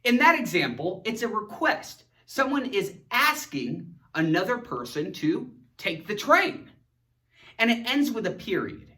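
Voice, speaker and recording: A man teaches grammar in a playful, theatrical way, hamming up his example sentences. His voice sits high and leaps all over the place, and he talks slowly. He is heard a little distant from the microphone. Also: very animated, bright, forceful tone. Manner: theatrical, jokey, acting out silly example sentences. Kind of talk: animated educational video lesson.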